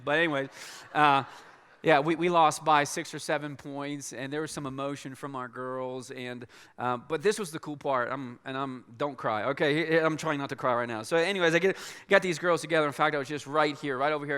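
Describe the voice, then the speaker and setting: A man speaking as a pastor to his church in a large auditorium, earnest and halting, with many restarts. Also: mid-range voice, fairly bright tone, clear, resonant tone. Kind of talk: church announcement and sermon. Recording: long hall reverb.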